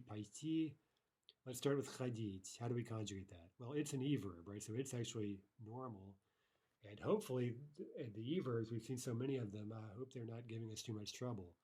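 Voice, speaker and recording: Guy teaching a grammar lesson, warm slightly husky voice, lots of okays and rights. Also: fairly low pitch. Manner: explains patiently, filler-heavy, reads example sentences aloud. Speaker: language teacher. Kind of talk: recorded online lesson.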